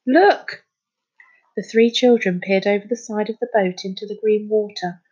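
A woman narrating a children's story, reading aloud in a clear, even way. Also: mid-range voice, brisk, dull audio. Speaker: storybook reader.

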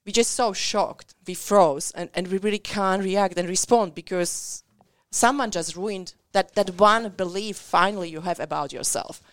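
A woman's voice: medium pitch, moderate pace, dry recording, clean studio sound. A woman in her thirties with a Central European accent, a business coach telling her story earnestly in an interview and acting out what people said. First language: Central European language. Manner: earnest storytelling with acted-out quotes.

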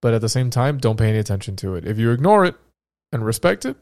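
A man who is sick hosts a laid-back podcast, joking and rambling as he reads through his notes. His voice sits at an ordinary middle pitch. It is recorded dry and close, with little room sound. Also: very animated, fast, darkish tone, no echo. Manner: joking, rambling, self-interrupting. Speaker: podcast host. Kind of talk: casual podcast chat and reading research.

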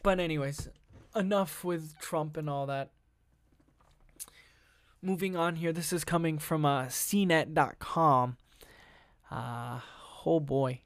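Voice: medium pitch, slow, long pauses. A commentator reads news stories aloud and breaks off into blunt, cursing, sarcastic remarks. The delivery is casual, with restarts and tripped-over words. The sound is dry and close, with no room echo. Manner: blunt, profane, sarcastic asides; stumbles and restarts while reading aloud. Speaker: video commentator.

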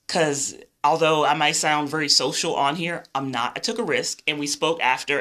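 A woman's voice: on the low side, fairly bright tone. A woman with a Southern US accent, hosting a podcast, chatting in an upbeat way and laughing often. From northern United States. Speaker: podcast host. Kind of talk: casual podcast interview.

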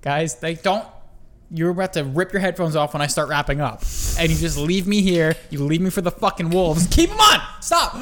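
A young woman with a notably low voice co-hosts a casual podcast chat. She is blunt and jokey, swearing freely as she riffs. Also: fairly even intonation, brisk, slight background noise. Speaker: podcast co-host.

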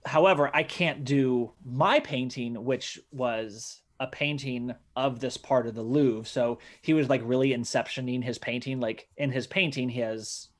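A young man hosting a podcast, telling a history story in an easy, casual way. His voice sits in an ordinary middle pitch. He slips into short put-on voices for the people in the story. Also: a little slow, hardly any pauses. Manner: relaxed, acts out voices in retellings. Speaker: podcast co-host.

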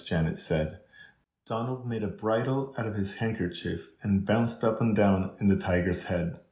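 Low-voiced man reading a story aloud. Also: normal speed, a little mellow. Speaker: audiobook narrator. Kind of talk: scripted narration. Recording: echoey room.

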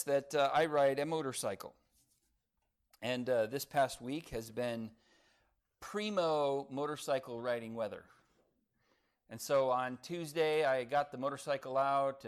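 A man pastor preaching a sermon in a conversational way, full of asides like "look" and "okay?", swinging from loud emphasis to soft remarks. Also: mid-range voice.

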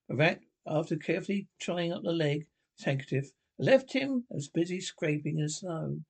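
A man reading a classic children's novel aloud, haltingly, often restarting words. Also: fairly high pitch, animated, creaky. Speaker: storybook reader.

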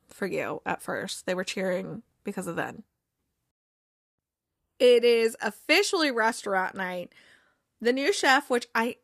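A woman's voice: medium pitch, fairly bright tone, no echo, studio quality. A young woman casually recapping a TV episode, chatty, acting out the characters' lines with fillers and laughs.

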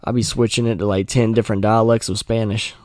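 A man's voice: fairly low pitch, flat delivery, quick pace, a little mellow, no echo, clean studio sound. A man hosting a podcast, rambling and swearing in casual chat. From North Carolina. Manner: rambling, profane, joking. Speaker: podcast host.

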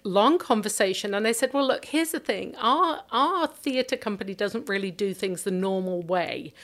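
A woman's voice: mid-range voice, lively intonation, normal speed, fairly bright tone. A woman with a British accent, a theater company director telling a story in a casual interview and acting out emails and conversations. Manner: chatty storyteller, acts out emails and dialogue.

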